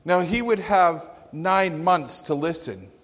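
A man's voice: on the high side, animated, slow pace. A man preaching a sermon in an earnest, emphatic manner. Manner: earnest, emphatic, with acted quotes. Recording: long hall reverb.

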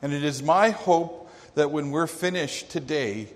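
Male pastor, sermon, dramatic storytelling, emphatic pauses, long hall reverb. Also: a little high.

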